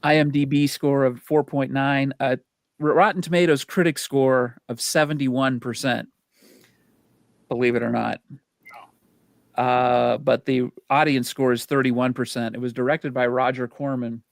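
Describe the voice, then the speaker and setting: A man's voice: medium pitch, steady tone, unhurried, no room sound, studio quality. A man co-hosting a movie podcast, chatting casually with easy chuckles and reading off ratings and facts. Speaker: podcast co-host. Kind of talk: casual chat about movies.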